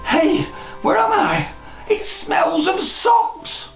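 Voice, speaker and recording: A storyteller voicing a naughty, panicky young boy in a children's storybook reading, pleading in high squealing bursts. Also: wildly swooping pitch, very slow, gravelly, full character voice. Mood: puzzled. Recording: roomy echo, faint music.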